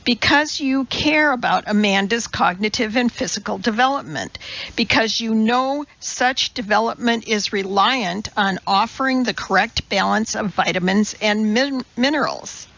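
A woman voicing a brisk, indignant woman chemist and mother who speaks in a clipped, precise and scolding way, in a storybook reading. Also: a little high, creaky, a bit bright, lo-fi sound.

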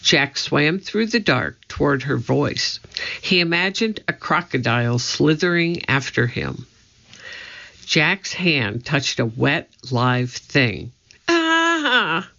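A woman reads a children's storybook aloud at a slow, measured pace. Her voice is bright and sharp, with a gravelly edge. The recording sounds slightly dull and lo-fi. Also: extremely low pitch, expressive. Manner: measured and deliberate. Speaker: audiobook reader.

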